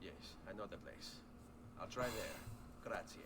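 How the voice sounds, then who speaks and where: A man voicing a calm, confident assassin. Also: lowish voice, a little slow, background noise, lightly acted. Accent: Irish. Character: young Italian nobleman assassin, calm and confident.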